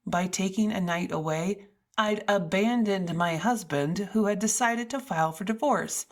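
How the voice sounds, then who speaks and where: A woman's voice: medium pitch, moderate pace. A woman narrating a first-person audiobook in a wry, self-mocking storytelling manner.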